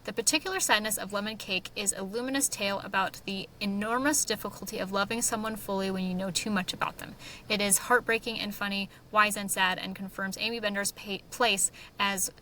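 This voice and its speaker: A woman co-hosting a podcast, chatting casually and reading book reviews aloud with lively, giggly asides. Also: medium pitch, a little hiss or hum, rough recording. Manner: animated, giggly, quick asides. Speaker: podcast co-host.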